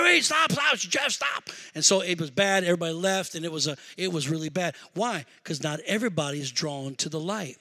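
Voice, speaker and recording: A man's voice: high voice, fairly bright tone. A middle-aged male pastor, telling a personal story in a sermon and rising into fervent preaching.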